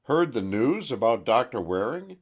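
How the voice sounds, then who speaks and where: A man's voice: medium pitch, big pitch swings, moderate pace, husky, voice pushed up. A nosy, blunt landlady, as a man puts her on. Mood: prying. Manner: blunt, prying. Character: nosy blunt middle-aged woman landlady.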